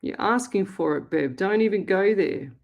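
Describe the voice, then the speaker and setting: A woman's voice: mid-range voice, expressive, normal speed, gravelly. Blunt, chatty Australian woman host. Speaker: psychic medium radio host. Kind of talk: live call-in reading, casual chat.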